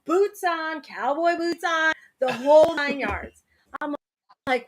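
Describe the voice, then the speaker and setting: A woman co-hosting a casual chat, telling an animated story and laughing often. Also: sits high, moderate pace. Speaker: co-host.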